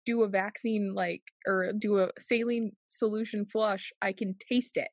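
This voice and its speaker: A woman telling an everyday story in relaxed conversation. She laughs easily, acts out quotes in a higher voice and leans on fillers. The room sounds dry and close. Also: measured pace, no echo. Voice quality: frequent fillers like "like" and "um". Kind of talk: casual storytelling chat.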